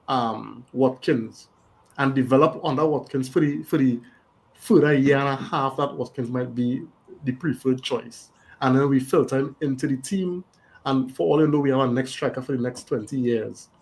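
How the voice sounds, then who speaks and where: A man talking on a casual fan panel from a video call, with a voice of ordinary middle pitch. He reasons out loud, often tagging his points with a questioning "right?". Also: low-quality recording. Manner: thinks aloud, tags points with "right?".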